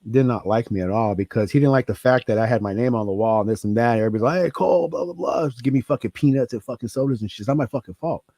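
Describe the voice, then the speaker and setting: Brief: male host, mid-pitched, animated and profane storyteller, dry close mic. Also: rapid-fire, few pauses, no room sound. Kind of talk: casual chat.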